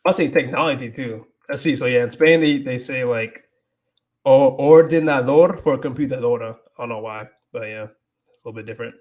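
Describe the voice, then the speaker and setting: A man's voice: medium pitch, a little fast, a little mellow. A man hosting a casual livestream, rambling with many restarts, switching between English and Spanish and reading viewer comments aloud. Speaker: livestream host.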